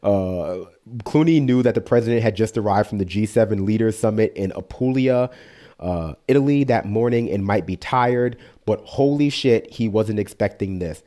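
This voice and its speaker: A man's voice: lowish voice, moderate pace, dark tone. A man streaming, reading an article aloud and breaking off for sarcastic, casual asides.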